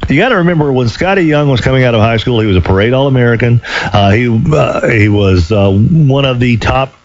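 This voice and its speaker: A man's voice: medium pitch, animated, a little fast. Chatty man in his sixties hosting sports radio. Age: 60s. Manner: chatty, joking asides between callers. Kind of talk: sports talk call-in radio. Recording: dull lo-fi radio broadcast.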